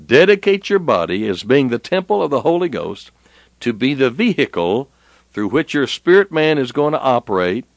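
A man preaching a sermon, rising and slowing down when he quotes scripture. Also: no room sound. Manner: rises in pitch and slows down when quoting scripture.

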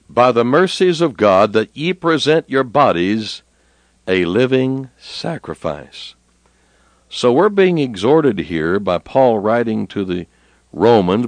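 A man preaching a sermon, rising and slowing down when he quotes scripture. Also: no echo. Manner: rises in pitch and slows down when quoting scripture.

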